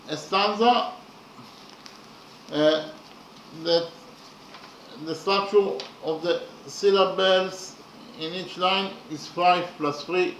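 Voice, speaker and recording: Slow, halting man in an echoey room. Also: high-pitched, a bit bright, distant mic, a little hiss or hum. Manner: halting, repeats words with many fillers. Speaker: lecturer. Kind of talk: explaining poetry meter.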